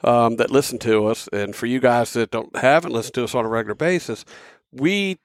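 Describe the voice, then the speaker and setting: A man's voice: medium pitch, a little fast, dry recording. Man, Mid-Atlantic American accent, podcast co-host, easygoing agreeable chat, dry close sound.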